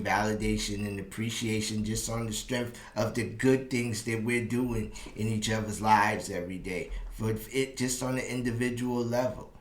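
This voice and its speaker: A man in his fifties hosting a relationship advice channel, telling a personal story in an animated way that turns slower and more reflective. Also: on the low side. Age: 50s. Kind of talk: personal storytelling monologue to camera. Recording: roomy echo.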